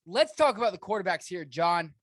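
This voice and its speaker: A man hosting a casual fantasy football podcast, energetic and joking in quick banter with his co-host. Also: sits high, no room sound. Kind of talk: casual sports podcast chat.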